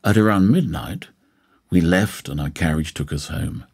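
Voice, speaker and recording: A man reading a novel aloud as an audiobook narrator, in a measured storytelling manner. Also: sits low, creaky, darkish tone, slightly rough. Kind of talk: scripted narration.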